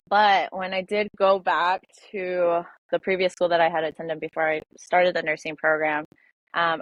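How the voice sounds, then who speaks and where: Brief: young woman, lowish voice, hesitant personal storytelling, dry dull lo-fi audio. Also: no room sound. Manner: halting, filler-heavy, emotional retelling. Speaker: podcast guest.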